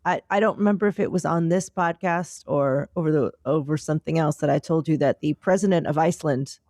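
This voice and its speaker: A woman co-hosting a podcast, who talks about her books and tells stories in a chatty, excitable way. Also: sits low, a little fast, dry recording, clean studio sound. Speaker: podcast co-host and author. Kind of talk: casual podcast chat.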